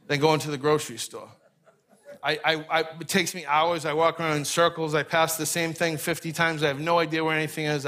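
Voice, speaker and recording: Male preacher, high bright voice, animated sermon storytelling. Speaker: pastor.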